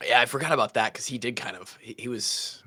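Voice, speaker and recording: A man in his thirties tells a story on a casual podcast. His voice is bright and forward, and he talks in an animated way, slipping into the voices of the people in the story. His pitch sits in an ordinary middle range. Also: fast talker. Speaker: podcast host.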